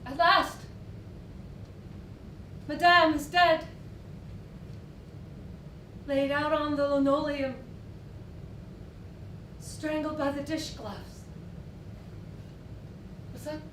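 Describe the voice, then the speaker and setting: An actress on stage playing a bitter, scheming maid, theatrical and mocking. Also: female voice, sits high, steady tone, drawn-out words, pauses often, a bit bright, heavily acted. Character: Solange, a bitter scheming maid, adult woman. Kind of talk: stage acting. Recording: echoey stage from far off, light noise.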